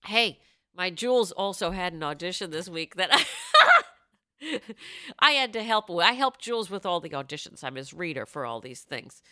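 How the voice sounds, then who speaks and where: A woman's voice: fairly low pitch, very animated, normal speed, pushed and bright, no echo, clean studio sound. A woman hosting a comedy podcast, playful and laughing often as she jokes and slips into silly voices. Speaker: podcast host.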